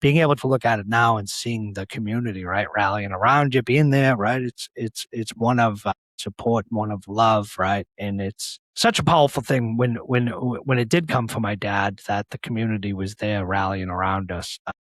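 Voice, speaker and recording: A man's voice: fairly low pitch, normal speed, a bit bright, no echo. A man in his forties from the Boston area, hosting a podcast and telling a personal story in an earnest, chatty way, often checking in with "right?". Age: 40s. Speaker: podcast host. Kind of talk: casual conversational chat.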